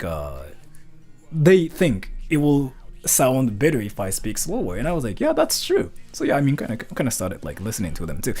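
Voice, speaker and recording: Answering donations on stream, this man talks rapidly in a lively-pitched voice. The casual chat is heavy on "like" and "uh," and he keeps laughing mid-sentence.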